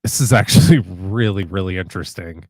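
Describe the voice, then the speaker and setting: A lower-pitched man talks in a loose, rambling way and often stops and restarts his sentences. The sound is dry and close, with little room echo. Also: brisk, darkish tone, slightly rough. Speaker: guitar player guest. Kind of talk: casual conversation.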